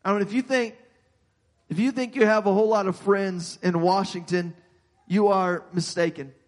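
A man with a high voice delivers a sermon from the pulpit, earnest and insistent. He doubles back on his words again and again as he presses his point. His voice rings with the long reverb of a large church sanctuary. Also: steady tone, moderate pace. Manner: earnest preaching with frequent repeated words and restarts. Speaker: pastor.

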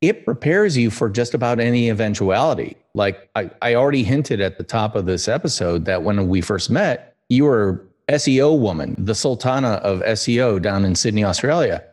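A man's voice: on the low side, expressive, moderate pace, few pauses, a little mellow. An American man hosting a podcast interview, chatty and joking, with rambling asides. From United States. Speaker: podcast host. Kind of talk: casual interview chat.

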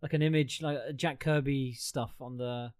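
A man's voice: medium pitch, steady tone, darkish tone, clear, resonant tone. Chatty male podcast host, loose and jokey, on a video call. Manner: chatty, rambling, quick to joke. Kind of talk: casual chat.

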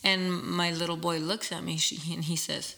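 A woman's voice: lowish voice, moderate pace, gravelly. A woman in her thirties telling stories in casual chat, acting out the voices of people in them. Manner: animated storyteller, acts out voices in anecdotes.

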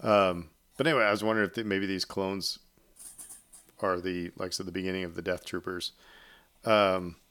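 A man hosting a casual podcast, his voice a touch low and smooth. He rambles through his points with plenty of ums, restarts and asides. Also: level tone, moderate pace, fairly bright tone. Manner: rambling, many fillers and restarts. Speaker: podcast host. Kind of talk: casual chat.

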